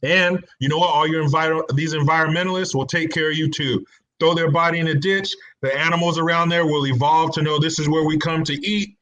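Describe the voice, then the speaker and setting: A man talking as a guest on a casual panel, joking bluntly in a deadpan way. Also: on the high side, a little fast.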